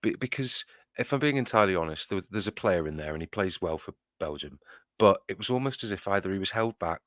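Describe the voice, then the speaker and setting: Deep-voiced co-host, wordy and playful. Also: male voice, expressive, fast, fairly bright tone, no echo. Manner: wordy, mock-formal, playful, with restarts. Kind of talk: casual fan podcast chat.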